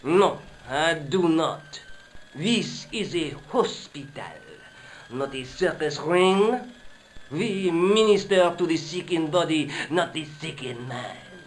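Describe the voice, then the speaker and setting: An actor playing a stern, haughty hospital doctor with a French accent who answers in curt, formal phrases. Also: male voice, fairly high pitch, lively intonation, takes it slowly, a little hiss or hum. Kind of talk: video game voice acting.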